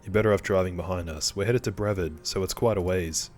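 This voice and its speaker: A man voicing a calm male paramedic in a game, steady and professional. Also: low voice, brisk, faint music behind, natural voice. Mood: reassuring.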